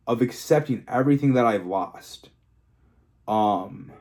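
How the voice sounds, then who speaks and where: A man's voice: mid-range voice, a little slow, a little mellow. A young man talking frankly and emotionally in a solo vlog, rambling, restarting and swearing freely as a fitness coach. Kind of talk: candid solo vlog monologue.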